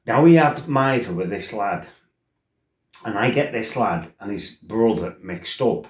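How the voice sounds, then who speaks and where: A man's voice: fairly low pitch, lively intonation, a little slow. Blunt, rambling middle-aged man in an echoey room. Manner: blunt and rambling, with frequent "you know" and "right?". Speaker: former kickboxer telling his life story. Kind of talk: casual spoken storytelling. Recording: roomy echo.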